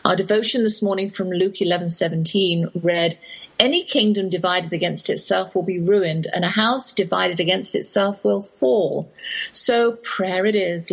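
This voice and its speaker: A woman's voice: mid-range voice, vocal fry, husky, poor audio. A middle-aged woman with an English accent, hosting a radio show in a rambling, anecdotal talk with devotional asides. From England. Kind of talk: chatty radio monologue.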